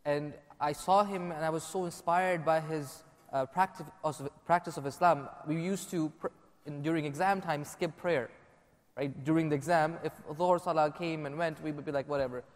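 A man on a panel telling a personal story in a conversational, animated way. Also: fairly high pitch, moderate pace. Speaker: panel guest. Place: conference hall. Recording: long reverb of a conference hall.

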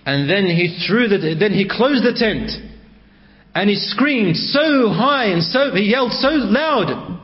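A man's voice: high-pitched, lively intonation, slow pace. A man telling a religious story in a dramatic, emotive way, dropping in Arabic phrases, on a dull lo-fi recording.

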